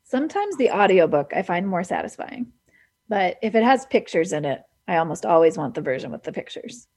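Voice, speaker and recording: A woman's voice: on the low side, big pitch swings, brisk, darkish tone. A woman hosting a radio show, chatting casually and enthusiastically about books and laughing easily. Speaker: radio host. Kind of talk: casual book chat on radio.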